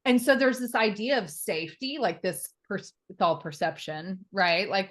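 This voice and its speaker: A woman's voice: mid-range voice, moderate pace, hardly any pauses. A woman in her thirties, a podcast guest, telling her personal story openly and emotionally, with fillers and the odd swear word. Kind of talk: candid personal interview.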